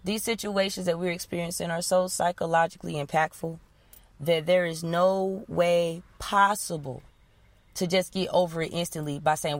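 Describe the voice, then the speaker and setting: A woman coach leading listeners through a guided breathing exercise, giving calm, repeated instructions. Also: lowish voice, normal speed, dry recording. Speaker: wellness coach.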